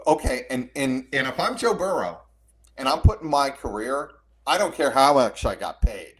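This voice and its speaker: A man with a mid-range voice co-hosts a sports podcast. He speaks in a measured way and ends his points with short, firm remarks. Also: mid-range voice, animated. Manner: measured, punchy, firm declarations. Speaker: podcast co-host. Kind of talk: casual sports talk.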